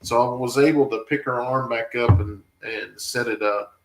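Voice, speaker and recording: A man's voice: mid-range voice, steady tone, normal speed, reverberant, rough recording. Man chatting through viewer comments. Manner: rambling, emotional, talks back to viewer comments. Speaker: family farm vlogger reading live chat. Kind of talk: casual live-stream chat.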